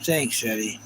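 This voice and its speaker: A man's voice: on the high side, slight background noise, rough recording. A man hosting a live stream, talking casually and rambling with lots of fillers as he reads chat. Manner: rambling and chatty, with many fillers.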